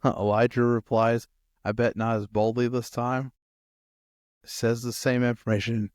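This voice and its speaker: Male campus pastor, animated sermon delivery, mid pitch, close dry sound. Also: measured pace, no room sound. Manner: animated, acts out quotes, talks to the listeners directly.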